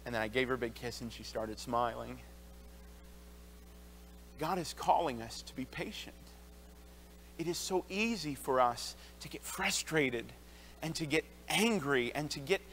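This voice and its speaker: A man's voice: on the high side, lively intonation, a little slow, fairly bright tone, a little hiss or hum. A man in his thirties, an associate pastor, preaching an earnest sermon in a church and telling personal stories, often restarting his sentences. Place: church sanctuary. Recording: long church hall reverb.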